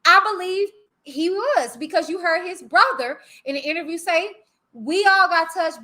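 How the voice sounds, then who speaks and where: A woman's voice: extremely high pitch, moderate pace, sharp tone. A woman hosting a live stream, talking bluntly and animatedly in casual commentary. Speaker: livestream host.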